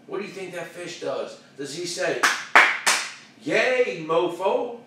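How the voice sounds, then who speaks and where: A man hosting his own show, giving an animated motivational rant full of street slang and repeated phrases. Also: a little high, moderate pace, distant mic, heavy background noise. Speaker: show host. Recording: very echoey room, voice off-mic, faint ambience.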